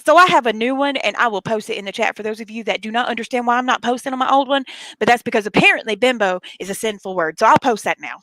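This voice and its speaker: Outspoken woman on a stream panel, bright sharp voice, dry close sound, kinda high. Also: fast talker, dry recording, rough recording. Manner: outspoken and defiant, with swearing. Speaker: panel guest. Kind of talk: casual live stream chat.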